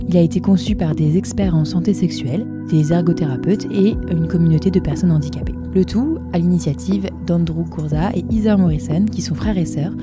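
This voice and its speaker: A woman with a French accent, hosting a podcast and reading its intro in a brisk, clear way. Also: fairly low pitch. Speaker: podcast host. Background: music.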